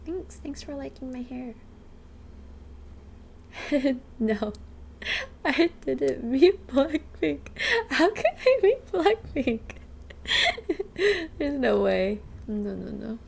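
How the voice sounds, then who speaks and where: A woman's voice: high-pitched, big pitch swings, drawn-out words, creaky, pauses often, darkish tone, slight background noise. A woman in her twenties chatting casually with her stream viewers, bubbly and full of "like", thanking subscribers by name. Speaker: livestreamer. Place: rented apartment.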